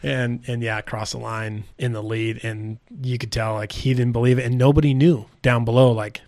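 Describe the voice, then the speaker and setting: A man's voice: mid-range voice, fairly quick, dry recording, studio quality. A man from South Dakota, a bike race mechanic, telling stories in a laid-back, casual way on a podcast, full of "like" and "dude". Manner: laid-back, heavy on "like" and "dude", animated retellings. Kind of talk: casual storytelling interview.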